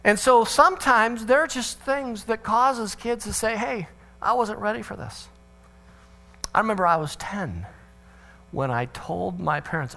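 A middle-aged man giving a sermon-style talk on parenting, an animated storyteller who acts out voices. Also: high-pitched, a little slow, vocal fry. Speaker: speaker on parenting.

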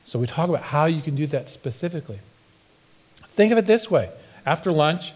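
This middle-aged pastor's husky, mid-range voice moves quickly and swings widely in pitch. He's preaching a funny sermon in the church sanctuary, telling stories with a playful touch and performing the quotes he cites.

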